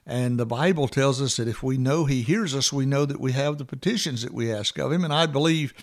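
A man's voice: medium pitch, a little fast. A man hosting a morning devotional podcast, talking informally with many fillers and restarts as he works through a scripture passage.

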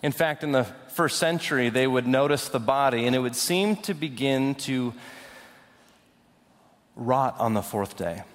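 A man's voice: medium pitch, lively intonation. Preacher man in a reverberant hall. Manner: dramatic swings from loud declaring to hushed, slow intensity. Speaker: pastor. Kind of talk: sermon.

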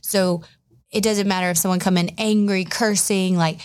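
A woman's voice: lowish voice, little pitch movement, normal speed. A woman co-hosting a podcast, chatting casually with many fillers and a self-deprecating tone. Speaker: podcast co-host.

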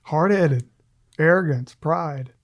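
Gravelly man telling stories with a laugh. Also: a little high, slow pace. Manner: self-deprecating, laughs often while telling stories. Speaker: guest. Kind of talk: casual faith conversation.

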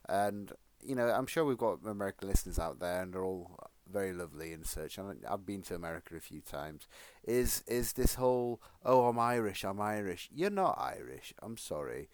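Deep-voiced man, crude and rambling. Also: expressive, brisk, darkish tone, no room sound. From Sheffield, England. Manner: rambling and crude, swears freely. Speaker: podcast co-host. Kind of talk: casual podcast chat.

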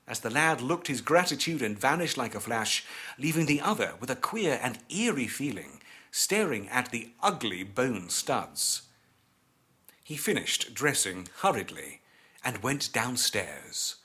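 A man narrating an eerie story as an audiobook, with measured and expressive storytelling. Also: mid-range voice.

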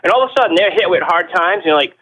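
A man talks quickly and emphatically as an interview guest, with a slightly raised pitch. He stacks rhetorical questions and repeats words as he builds his points. The sound has a radio-show quality. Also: animated, sharp tone, rough recording. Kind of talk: animated opinionated explanation.

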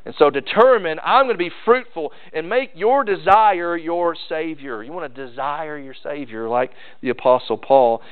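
A man's voice: a little high, normal speed, few pauses, clear, resonant tone. A male pastor preaching a sermon in a folksy, emphatic way, repeating key phrases. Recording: tinny phone-like sound.

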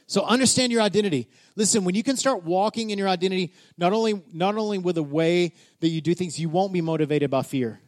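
Brief: male pastor, high voice, animated sermon storyteller. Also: fast talker, few pauses. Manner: animated storyteller, builds to shouting.

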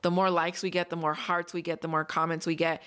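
A woman's voice: on the low side, level tone, fairly quick, a bit bright, clear, resonant tone. A young adult woman hosting a solo podcast, telling a story and explaining in an earnest, upbeat, conversational way. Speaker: podcast host.

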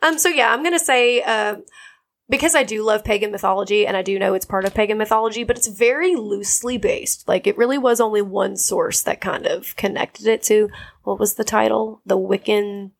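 A woman's voice: medium pitch, brisk, vocal fry. A young woman co-hosting a podcast, chatting casually and animatedly, swearing freely and laughing often. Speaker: podcast co-host. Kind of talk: casual chat.

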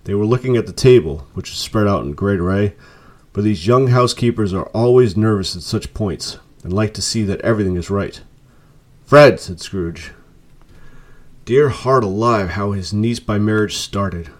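A man reading a classic story aloud with measured, expressive storytelling. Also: fairly low pitch. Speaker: narrator.

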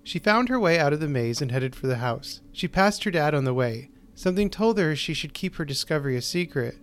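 A man hosting and narrating a short story, reading in a measured, deliberate way with slowed pauses. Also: on the high side, expressive. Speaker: host and narrator.

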